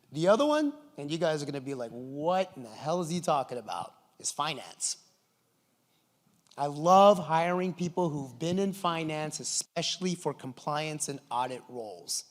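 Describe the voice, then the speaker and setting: A middle-aged man giving a conference talk with enthusiastic, animated storytelling, recorded in a large conference hall. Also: fairly high pitch. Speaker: conference presenter.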